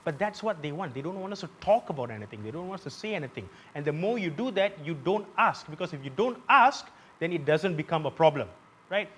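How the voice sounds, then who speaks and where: A man's voice: fairly high pitch, expressive, quick pace, slight background noise. Malaysian man hosting a satirical stand-up set. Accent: Malaysian English. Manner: punchy, shouts punchlines. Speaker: comedy show host. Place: live theatre stage. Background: audience laughter.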